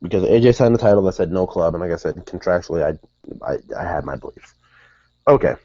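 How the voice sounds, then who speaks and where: A man with a lowish voice talks through a wrestling recap in a loose, rambling way, stopping to correct himself and tossing in "dude" and "like". The recording is dry and a little dull, with no room sound around him. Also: animated, fast, dark tone, no room sound. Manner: rambling, self-correcting, says "dude" and "like" a lot. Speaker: wrestling show reviewer. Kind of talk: casual recap commentary.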